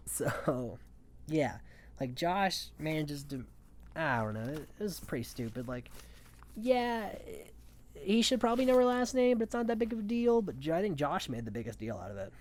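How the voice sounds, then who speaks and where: Casual guy recapping reality tv, offhand, chuckles a lot, swears here and there. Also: mid-range voice. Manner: offhand and chatty, swears freely; chuckles often between points. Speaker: reality show recap host.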